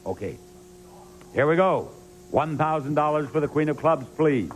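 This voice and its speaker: A man's voice: fairly high pitch, lively intonation, a little hiss or hum. Man hosting a game show, raised voice. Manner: drawn-out emphatic announcing to a studio audience. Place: television studio.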